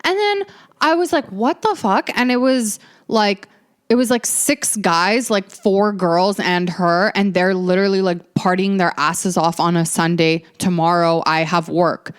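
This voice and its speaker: A podcast host in her early twenties tells stories in a sassy, ranting, profane style for a casual chat. Her voice is fairly low and smooth, with fairly even intonation and an unhurried pace.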